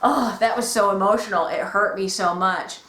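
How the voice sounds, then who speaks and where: An excitable woman gushes through a casual fan chat. Her voice sits at a middling pitch and echoes around a roomy space. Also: moderate pace, soft background music. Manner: excitable, gushing, often acts out quotes. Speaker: podcast co-host.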